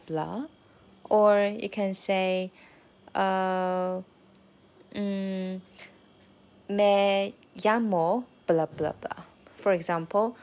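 A woman with a Chinese accent talks through her daily language study in a relaxed, unhurried way. She hesitates often, filling the gaps with ums and uhs, then slows right down to say each practice phrase carefully. Her voice sits at an ordinary mid pitch. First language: Mandarin Chinese. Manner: hesitant, many fillers, slow careful enunciation of practice phrases. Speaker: language learner keeping a video diary. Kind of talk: casual spoken study diary.

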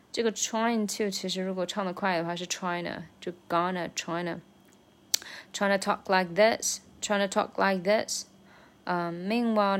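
A young woman, a native Mandarin speaker, casually practicing English pronunciation and repeating phrases slowly to drill the linking sounds. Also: on the low side. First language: Mandarin Chinese.

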